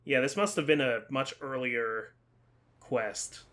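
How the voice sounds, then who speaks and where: A man's voice: mid-range voice, slow pace, a bit bright. A man casually commenting as he plays a video game, with wry asides. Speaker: let's play host.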